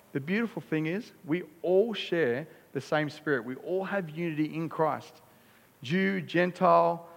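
A man's voice: fairly high pitch, gravelly. Australian male pastor preaching in a hall. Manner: conversational, emphatic preaching with asides. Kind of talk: sermon. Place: church hall. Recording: church hall reverb.

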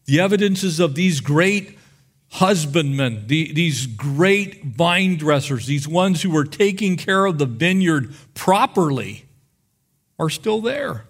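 A male pastor preaching with a high, very lively voice that swoops up and down as he tells the stories. He acts out the figures and talks straight to his congregation. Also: slow pace, husky. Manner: animated storytelling, acts out biblical figures. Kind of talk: sermon.

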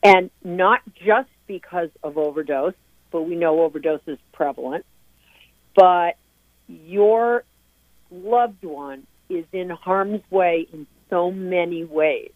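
Middle-aged woman, low voice, earnest, emphatic, tinny dry phone line. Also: slow pace, no echo. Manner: earnest, emphatic, many restarts. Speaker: guest, parent of a recovering addict. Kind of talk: interview talk.

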